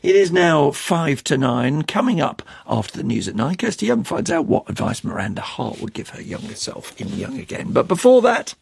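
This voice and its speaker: A man's voice: fairly high pitch, very animated, normal speed, creaky, hardly any pauses, slightly rough, no echo, studio quality. A man presenting a live radio programme, introducing guests and questioning them in a wry, conversational way.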